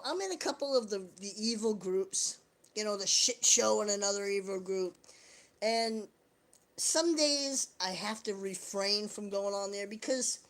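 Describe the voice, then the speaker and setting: A woman chatting casually on a livestream, rambling, joking and swearing a lot. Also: medium pitch. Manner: profane, rambling, jokey. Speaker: live streamer.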